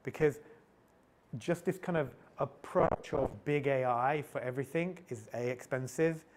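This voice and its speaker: A man's voice: mid-range voice, measured pace, a little hiss or hum. Candid man giving a meetup tech talk. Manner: candid, anecdotal, frequent restarts and repeated words. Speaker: conference speaker.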